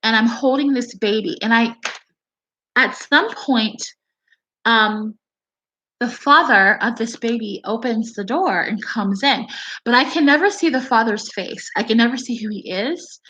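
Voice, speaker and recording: A woman vlogging to her viewers in a casual, rambling, excitable way, swearing now and then. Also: on the high side, measured pace, low-quality recording. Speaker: video blogger.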